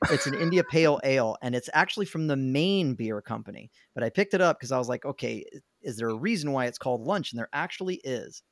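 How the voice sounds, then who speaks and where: A man's voice: mid-range voice, lively intonation, quick pace, few pauses, no room sound, clean studio sound. A man chatting as a podcast panelist, upbeat and talkative, laughing easily. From Alabama, USA. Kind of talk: casual podcast chat.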